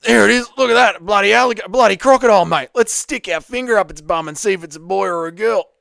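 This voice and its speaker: A man putting on an impression of an excitable wildlife presenter, with an exclamatory, excited delivery. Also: sits high, quick pace, creaky, no room sound, pitched above the performer's own voice. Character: impression of a famous excitable male wildlife host.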